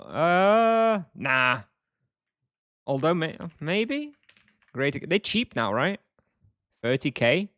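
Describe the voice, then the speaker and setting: A man's voice: on the high side, big pitch swings, slow, pauses often, fairly bright tone, clear, resonant tone, dry recording, clean studio sound. Wry man streaming a game. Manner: wry, offhand, answers chat between moves. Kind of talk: casual live-stream chat while gaming.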